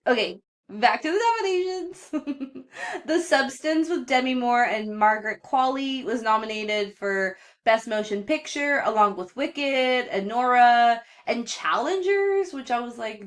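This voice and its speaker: A young woman hosts her own podcast, running through pop culture news in a loose, gossipy chat. Her voice sits a little high, and she swears and laughs freely as she talks. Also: animated, unhurried. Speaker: podcast host. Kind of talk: casual solo podcast chat.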